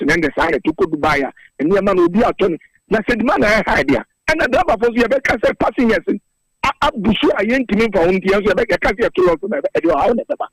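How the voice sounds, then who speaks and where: A man's voice: sits high, breathy edge, no echo, low-quality recording. A man from Ghana speaking as a drivers' union spokesman in a radio interview, earnestly reeling off prices and figures.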